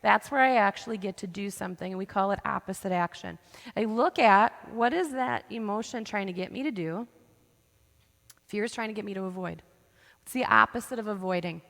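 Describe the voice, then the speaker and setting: A woman counselor speaks to a church audience in a lively teaching style, often checking in with "right?". Her voice has a gravelly fry at a middle pitch. The sound carries the long reverb of a church hall. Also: brisk. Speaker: counselor giving a talk. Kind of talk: church presentation.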